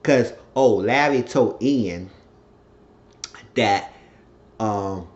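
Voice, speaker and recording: Low-voiced man chatting through a recap. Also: very slow, muffled recording. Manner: chatty, animated retelling with rising excitement. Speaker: TV show recap vlogger. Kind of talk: casual episode recap.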